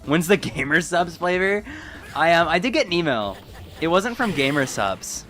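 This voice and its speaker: A man's voice: a little high, sing-song, normal speed, a bit bright, soft background music. A man streaming a fighting game, reading chat aloud and joking in a laid-back, casual way. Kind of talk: casual live-stream chat while gaming.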